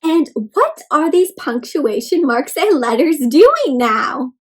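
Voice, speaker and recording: A woman reading a picture book aloud to children in an animated, teacherly way, asking them to point and say words along with her. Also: sits high, slow pace. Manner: animated, teacherly, prompting kids to join in. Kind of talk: interactive read-aloud for kids.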